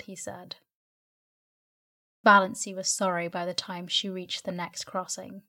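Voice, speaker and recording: A woman narrating a classic novel as a bedtime sleep story, in an even storytelling manner. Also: on the low side, measured pace. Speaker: audiobook narrator.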